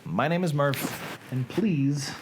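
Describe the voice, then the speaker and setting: A man with a Southern accent talks to his live stream audience in chatty, self-deprecating asides. He reads poetry slowly and theatrically, stretching words and leaving long pauses. His voice sits a little high for a man, and his delivery is unhurried. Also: a little hiss or hum. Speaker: live stream host reading aloud. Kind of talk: casual live stream chat and slow dramatic poetry reading.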